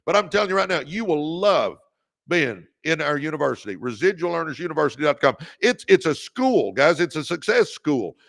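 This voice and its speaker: A man's voice: on the high side, sing-song, a little fast, gravelly, a bit bright, no echo, studio quality. A middle-aged man hosting a motivational livestream, fired up, repeating key lines and thanking viewers by name. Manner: calls viewers "baby". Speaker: podcast host.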